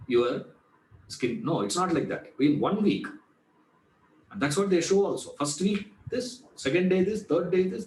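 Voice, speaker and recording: A man's voice: fairly high pitch, darkish tone, reverberant, rough recording. A man teaching a Vedanta class in a chatty way, asking rhetorical questions and answering them. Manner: conversational, repeats "you know", asks rhetorical questions and answers them. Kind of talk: spoken class lecture.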